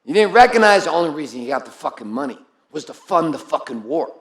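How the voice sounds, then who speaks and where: A man's voice: a little high, sing-song, fast talker, a bit bright, reverberant. A man giving a blunt, profane and intense motivational speech to his group, calling on people by name. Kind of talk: live motivational speech to an audience.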